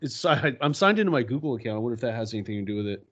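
Lively, profane man in casual chat. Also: medium pitch, very fast. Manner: animated, profane, laughs often. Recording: dull lo-fi sound.

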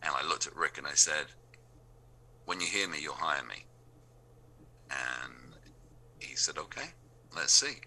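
A man's voice: extremely low pitch, unhurried, long pauses, sharp tone. A man with an English accent, a radio DJ telling anecdotes and acting out the dialogue of the people in them. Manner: acts out remembered dialogue in quoted voices. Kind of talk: anecdotal storytelling.

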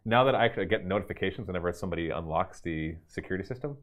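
A man hosting a casual stream, answering viewer questions in an animated, chatty way and laughing easily. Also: deep voice, very fast. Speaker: host and game master of a gaming store stream.

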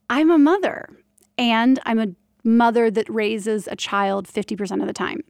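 A woman, hosting a casual solo podcast, chatty and candid with quick restarts. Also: on the high side, a bit bright, smooth, no echo, studio quality. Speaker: podcast host and birth doula.

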